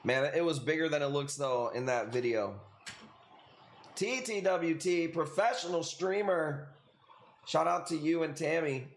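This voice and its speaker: A man's voice: on the high side, measured pace. A man with a Chicago accent hosting a casual livestream, rambling and chatty as he sells corals. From Illinois. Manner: rambling, chatty, laughs often, many fillers. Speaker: livestream host selling corals. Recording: echoey room with faint noise.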